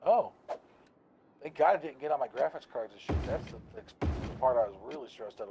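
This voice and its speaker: Gravelly, profane male streamer. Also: medium pitch, expressive, fairly quick, very noisy. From United States. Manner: profane, laughing storyteller. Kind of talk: casual chat while gaming.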